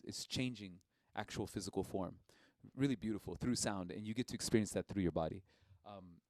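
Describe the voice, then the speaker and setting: A man teaching a live-streamed didgeridoo lesson in a relaxed, conversational way, with frequent fillers. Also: on the low side, no echo.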